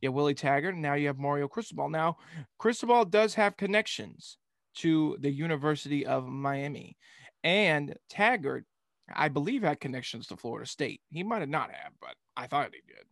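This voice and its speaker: Young guy hosting a sports chat, a bit high-pitched and gravelly, dry close sound. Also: lively intonation, moderate pace, no room sound. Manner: joking, drifts into silly impressions. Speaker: sports show co-host.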